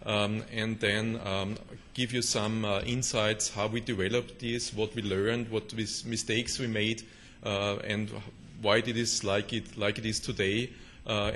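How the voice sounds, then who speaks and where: German-accented man, flat low voice. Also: slight background noise. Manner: hesitant, many fillers and restarts. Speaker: conference speaker. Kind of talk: conference presentation.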